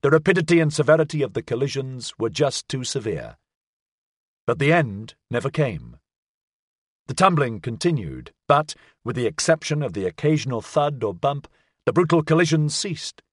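A man reading a science fiction audiobook as narrator, with a measured, expressive delivery. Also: mid-range voice, husky, no echo, studio quality. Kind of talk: scripted narration.

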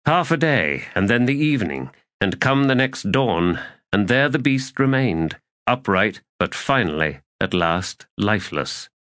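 A man reading a fantasy audiobook in a measured, solemn way. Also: fairly low pitch, very animated, fairly bright tone, dry recording, clean studio sound. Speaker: audiobook narrator. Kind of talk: scripted fantasy narration.

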